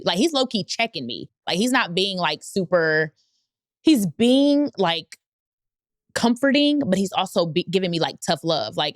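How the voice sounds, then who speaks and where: Woman host telling a story to her listeners, laughs a lot, lowish voice, dry sound. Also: moderate pace, no room sound. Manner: candid, animated, laughs often, quotes people in voices. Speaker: podcast host.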